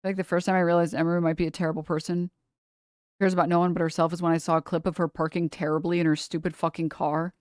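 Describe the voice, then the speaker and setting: Young woman streamer, casual animated rant, close dry mic. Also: fairly low pitch, no echo. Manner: animated ranting, swearing, quick asides. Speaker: livestream host. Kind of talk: casual chat.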